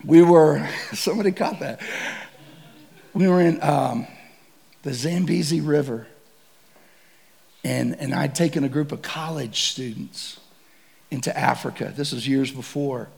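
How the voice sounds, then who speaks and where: A man preaching to a men's gathering, telling a comic safari story with bursts of shouting and laughter. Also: a little high, unhurried, creaky, pauses often. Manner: animated, shouts and laughs through stories. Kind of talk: comedic sermon storytelling.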